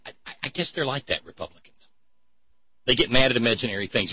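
Husky, sarcastic male commentary host. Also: mid-range voice, fast talker, long pauses, no echo. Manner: mocking and sarcastic, with stumbling restarts. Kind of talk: political commentary. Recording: slightly muffled dry recording.

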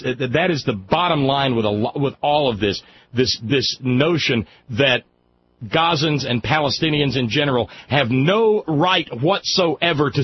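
A man's voice: mid-range voice, slight background noise. A man hosting call-in talk radio, speaking in an impassioned, emphatic way and often restarting his sentences. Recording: dull lo-fi radio broadcast.

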